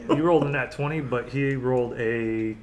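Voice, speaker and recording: A man's voice: mid-range voice, moderate pace, darkish tone. Casual male game master. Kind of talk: narrating a tabletop game.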